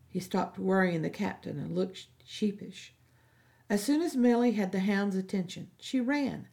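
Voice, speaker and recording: A woman narrating a fantasy story in a steady, measured way. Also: medium pitch, vocal fry. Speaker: audiobook narrator.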